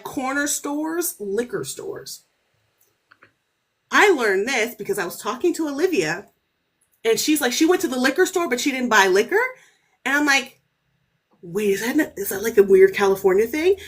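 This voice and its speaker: A woman author telling stories as a podcast guest in casual, animated chat, cursing freely. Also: fairly high pitch, moderate pace. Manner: animated, storytelling, swears freely.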